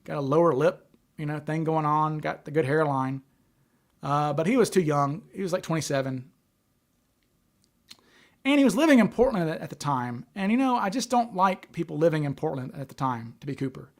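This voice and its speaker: A man with a fairly high, expressive voice chats casually at normal speed while hosting a livestream. He often stutters, repeating words and restarting sentences as he thinks aloud.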